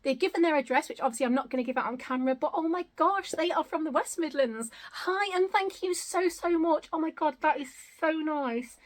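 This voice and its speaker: High-voiced, gushing British woman vlogger. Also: a little fast, few pauses. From United Kingdom. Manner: gushing, grateful, repeatedly exclaiming. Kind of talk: casual unboxing vlog. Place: home, indoors.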